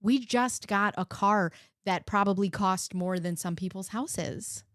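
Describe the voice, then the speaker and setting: In studio-quality audio without any room sound, a woman's mid-range, fairly bright voice moves a little slowly. She's hosting casual live reaction commentary on video clips, blunt, sarcastic, and freely cursing.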